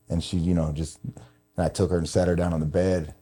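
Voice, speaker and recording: A middle-aged man talks through a personal story as a podcast host. His voice sits low and dark, and his delivery is confessional and emotional, with plenty of casual swearing. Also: little pitch movement, brisk, slightly rough. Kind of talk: candid conversational storytelling.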